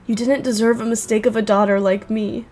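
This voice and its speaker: A woman's voice: a little high, fairly even intonation, a little fast, darkish tone, soft background music, natural voice. A woman reading aloud the lines of an angry, grieving teenage girl in a horror visual novel, in a bitter, blunt way.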